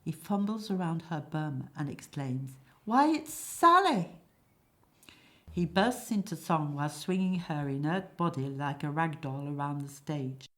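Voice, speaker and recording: Woman reading out a play's stage directions, lowish voice, kinda flat and quiet. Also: normal speed, hardly any pauses. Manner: reads stage directions in a low, flat aside. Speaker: play reader. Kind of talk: reading a stage play aloud.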